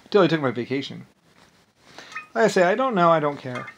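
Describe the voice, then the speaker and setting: An angry, agitated vlogger rambles on with constant swearing, repetition, and restarted sentences. His fairly high voice is brisk, creaky, and a bit bright, with big pitch swings, and the lo-fi recording carries a little hiss or hum.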